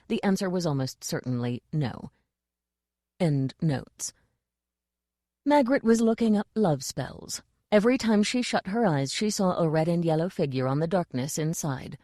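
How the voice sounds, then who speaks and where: A woman reading a comic fantasy audiobook in an even, dry storytelling delivery on a close mic. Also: low-pitched, no room sound. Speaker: audiobook narrator. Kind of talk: scripted audiobook narration.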